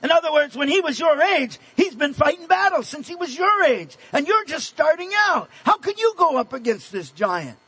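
A man preaching a sermon, earnest and emphatic, dropping to a hushed voice for tender points. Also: very high-pitched, sing-song, moderate pace, few pauses, low-quality recording.

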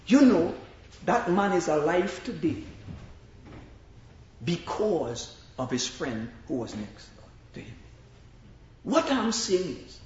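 A man preaching a sermon, with emphatic, drawn-out phrases that rise to shouts. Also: high-pitched, sing-song. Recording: echoey hall, dull lo-fi sound.

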